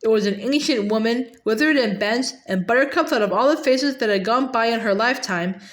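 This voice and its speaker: A woman's voice: on the high side, a little fast. Woman reading a novel aloud, stumbling. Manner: stumbling, repeats words. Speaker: reader.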